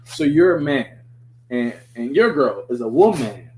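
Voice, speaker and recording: A man hosting a podcast, reading a script aloud and breaking off into excitable, riffing commentary. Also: medium pitch, measured pace, slight background noise. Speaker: podcast host. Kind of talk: casual chat while reading a script aloud.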